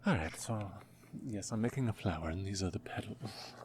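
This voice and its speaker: A man making his first ASMR video, talking in a soft, half-whispered voice that is hushed and self-mocking, and often apologizing. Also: lowish voice, moderate pace, a little hiss or hum. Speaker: ASMR creator.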